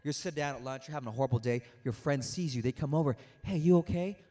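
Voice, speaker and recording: A young adult man giving an animated, interactive motivational speech to a youth audience, telling stories and acting out quotes. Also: mid-range voice, racing. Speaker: motivational speaker.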